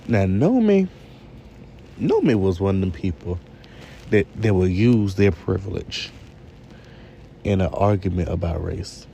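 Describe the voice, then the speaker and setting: Man, casual chatty reviewer, talks to viewers, creaky voice, noisy background. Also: deep voice, measured pace, pauses often. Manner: talks straight to viewers, rambling and conversational. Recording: steady background noise.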